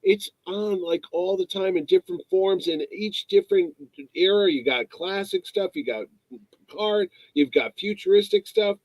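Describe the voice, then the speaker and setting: A man's voice: high voice, very animated, moderate pace, vocal fry, a little mellow, no room sound, poor audio. A man co-hosting a podcast in casual, teasing chat. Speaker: podcast co-host.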